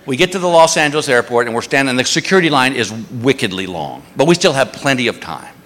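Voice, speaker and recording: A middle-aged man doing a stand-up routine, telling a family story with animated voices. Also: quick pace. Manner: animated storytelling, putting on a shrill wife voice. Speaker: stand-up comedian. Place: comedy stage before a live audience. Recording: stage mic in a large reverberant hall.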